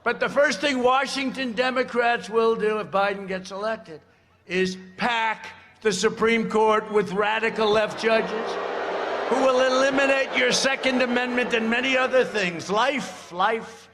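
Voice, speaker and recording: A man's voice: extremely high pitch, steady tone, a little slow, fairly bright tone, a little hiss or hum. An older man in his seventies giving a rally speech at a podium mic, rambling with sarcastic asides and repeated phrases. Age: 70s. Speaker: political speaker at a rally. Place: outdoor rally.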